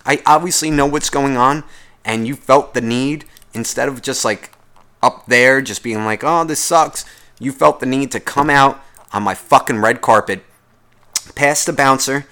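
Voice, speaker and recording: A man's voice: medium pitch, moderate pace, sharp tone. Profane, sarcastic man ranting. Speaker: podcast host. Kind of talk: comedic rant.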